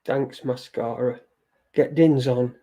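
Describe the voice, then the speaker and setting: A man's voice: mid-range voice, fairly even intonation, slow, dark tone. A man hosting a live stream in casual chat, reading viewer comments aloud, rambling and swearing and repeating himself. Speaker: livestream show host.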